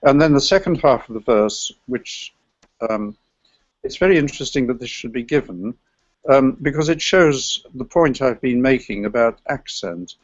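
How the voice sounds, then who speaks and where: A man with a gravelly voice presents an academic paper in a scholarly, meandering way. The recording is dry and slightly dull, with no room sound. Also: mid-range voice, expressive, normal speed, dry recording. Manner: scholarly, digressive, sings chant examples. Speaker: lecturer on medieval chant.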